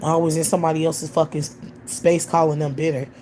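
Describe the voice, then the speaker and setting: On a livestream picked up by a computer or phone mic, a woman host rants bluntly and swears heavily. Her voice is low-pitched and mellow, her tone stays level, and she talks fast over slight background noise.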